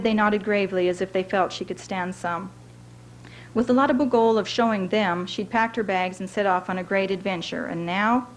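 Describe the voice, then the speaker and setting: A woman author giving a measured public reading of her own fiction at a library event. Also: mid-range voice, a little hiss or hum, poor audio.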